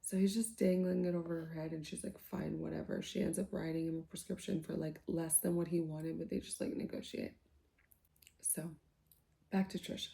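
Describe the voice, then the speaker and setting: A woman softly retelling a novel's plot for sleep, in a casual, chatty way full of fillers, sometimes dropping to a whisper. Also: low voice, little pitch movement, normal speed, creaky. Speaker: book reviewer. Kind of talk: soft-spoken ASMR book recap.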